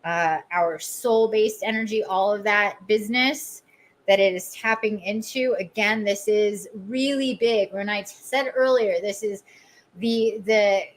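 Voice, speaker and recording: A woman of medium pitch speaks a little slowly while hosting a podcast where she reads a channeled oracle and guides a meditation. Repeated phrases get drawn out in a spell-like way, with frank emotion and jokes at her own expense. Audio quality is poor.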